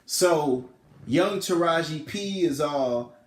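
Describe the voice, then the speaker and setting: Male reviewer, higher-pitched, loose slangy retelling, echoey room. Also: animated, takes it slowly. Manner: rambling, slangy, often corrects himself. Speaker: film reviewer. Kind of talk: casual plot retelling.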